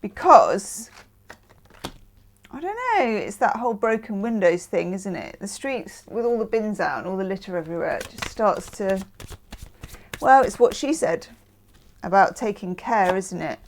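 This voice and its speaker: A woman's voice: mid-range voice, sing-song, measured pace, slight background noise. A woman from the UK hosting a casual tarot reading, chatting with self-mocking asides. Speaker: tarot reader.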